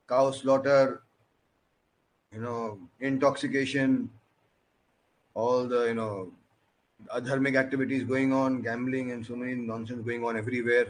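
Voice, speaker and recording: Man preaching a story. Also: medium pitch. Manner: animated, with many "you know" fillers and questions to the audience. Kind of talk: storytelling sermon.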